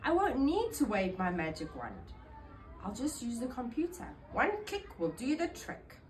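A woman reading a storybook aloud, putting on the voice of a cheerful, fussy female witch who talks in bright exclamations. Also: a little high, huge pitch swings, measured pace, slight background noise. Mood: pleased.

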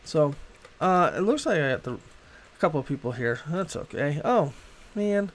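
A middle-aged man from Boston talks loosely through a gaming livestream, his voice sitting a little high for a man. He rambles from thought to thought, with plenty of filler and cursing scattered throughout. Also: lively intonation, normal speed. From Boston, USA. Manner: rambling, swears freely. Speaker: game streamer. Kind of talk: casual gaming livestream chat.

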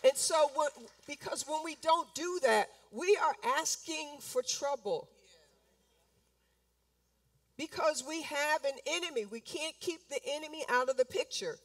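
High-voiced woman preaching from a distance. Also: a little slow, no room sound. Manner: emphatic and repetitive, acting out complaints in quoted voices. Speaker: pastor. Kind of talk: sermon. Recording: speaking from a distance from the mic.

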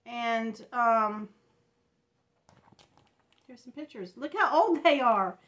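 A woman in her fifties talking through tears in a personal home vlog, halting and restarting often. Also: a little high, lively intonation, a bit bright. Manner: halting, tearful, many restarts. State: crying. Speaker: vlogger.

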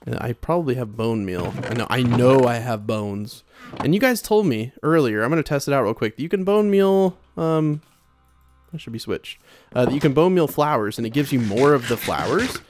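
At normal speed and medium pitch, a young man keeps up excitable, casual commentary on a video game with soft music behind him. Whenever trouble hits, he yelps and says the same words over and over.

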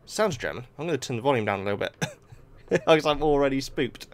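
A young man hosting a let's play, excitably talking to himself and the game. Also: medium pitch, fast, dry recording. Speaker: gaming video host.

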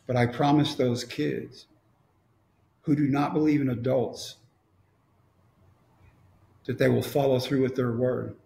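Gravelly middle-aged man, wry storyteller, echoey room. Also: medium pitch, darkish tone. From Texas. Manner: wry, storytelling with quoted dialogue. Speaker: motivational speaker. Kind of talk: storytelling talk.

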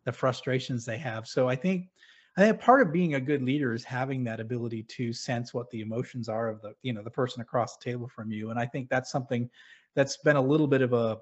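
A man's voice: mid-range voice, fast talker. A middle-aged man from New England, a podcast guest, talking earnestly about his career in casual chat with many restarts. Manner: earnest, storytelling, frequent restarts. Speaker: podcast guest, former submarine officer. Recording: lo-fi dull audio.

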